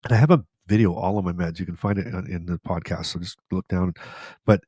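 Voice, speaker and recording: A middle-aged man with a fairly low voice gives casual advice as a podcast host. He rambles and circles back, repeating key phrases for emphasis. The sound is dry and close, with no room around it. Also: fast talker, warm tone, slightly rough, dry recording.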